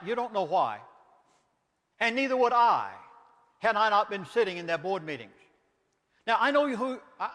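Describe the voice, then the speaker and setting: A Southern US minister delivers an impassioned lecture in a fairly high voice. He is emphatic and preacherly and leans on rhetorical questions. His voice carries a long reverb, as if heard in a lecture hall. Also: a bit bright.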